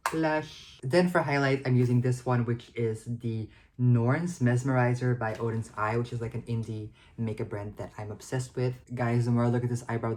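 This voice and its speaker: A woman's voice: a bass voice, a little mellow. A young woman in her twenties chatting casually to the camera in a vlog, self-deprecating and full of filler likes. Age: 20s. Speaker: vlogger.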